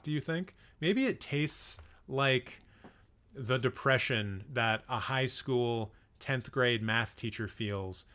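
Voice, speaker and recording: A man's voice: medium pitch, a bit bright. A young man hosting casual reaction commentary, joking sarcastically and swearing now and then as he reacts to clips. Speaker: film commentary host.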